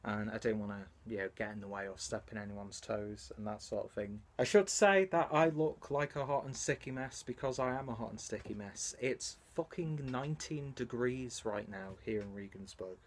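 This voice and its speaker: A man's voice: medium pitch, moderate pace, hardly any pauses. A young man, chatting casually in a home vlog, rambling, self-mocking and swearing freely. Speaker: beer vlogger. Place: home, indoors and in a basement.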